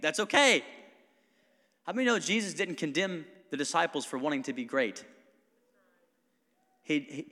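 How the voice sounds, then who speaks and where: A man preaching a sermon as pastor, talking in a conversational, animated way with laughing asides. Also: mid-range voice. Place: church sanctuary. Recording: long hall reverb.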